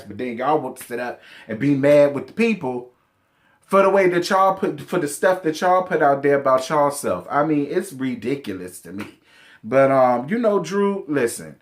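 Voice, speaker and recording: Sassy, blunt man recapping reality TV. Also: mid-range voice. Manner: sassy, blunt, profane, addresses cast members directly. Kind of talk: casual reality show recap commentary.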